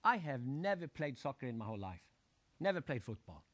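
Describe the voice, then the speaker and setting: Animated male seminar speaker. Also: mid-range voice, brisk. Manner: animated, acts out crowd shouts and questions the audience. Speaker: motivational speaker. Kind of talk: live seminar talk.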